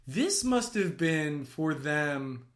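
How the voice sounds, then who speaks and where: A man who works as an actor and writer, giving casual watch-along commentary on a film in an excitable, gushing way that bursts into yelling. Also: fairly high pitch, very slow.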